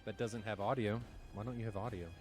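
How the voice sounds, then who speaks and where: A man commentating a live flight-simulation match stream in a chatty, excitable way, swearing now and then and poking fun at himself. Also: on the low side, fast, music in the background. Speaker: esports commentator.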